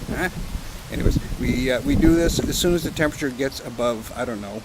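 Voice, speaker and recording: Clear wind and background noise run through this outdoor campsite vlog by a pipe-smoking man from Canada. He talks at normal speed in a medium-pitched voice, rambling casually, joking, and cursing now and then.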